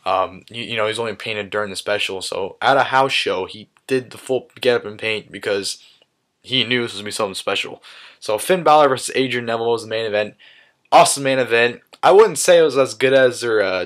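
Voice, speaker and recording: Young man, casual vlog recap, enthusiastic, filler-heavy, mid-pitched voice. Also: a bit bright. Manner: enthusiastic, repeats "awesome" with many fillers. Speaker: vlogger recapping a live wrestling event.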